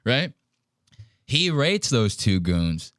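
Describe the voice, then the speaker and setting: Male podcast host, mid voice, dry close mic, lively and foul-mouthed storyteller. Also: medium pitch, drawn-out words, no echo. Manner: animated, profane storytelling. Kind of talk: casual chat.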